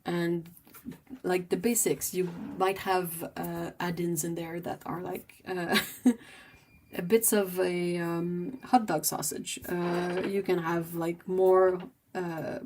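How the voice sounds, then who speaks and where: A woman's voice: fairly low pitch, level tone, slow pace, darkish tone, slight background noise. A woman from French Canada, hosting a livestream and chatting casually while she paints. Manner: chatty and rambling, many fillers. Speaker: livestream host.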